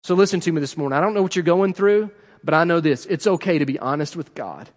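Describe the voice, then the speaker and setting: A man's voice: fairly high pitch, animated, fast talker. A middle-aged man preaching a sermon as pastor, earnest and repetitive, building emphasis as he speaks to his congregation. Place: church sanctuary. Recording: long hall reverb.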